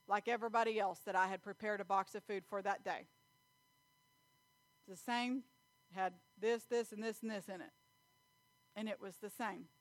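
A woman's voice: on the high side, no room sound. Woman preaching a story-filled sermon. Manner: animated storytelling, acting out scenes with loud bursts.

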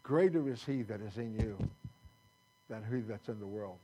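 Husky man preaching a folksy sermon. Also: on the low side, normal speed, warm tone, low-quality recording. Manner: folksy, conversational preaching with scripture quotes. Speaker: pastor. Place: church sanctuary.

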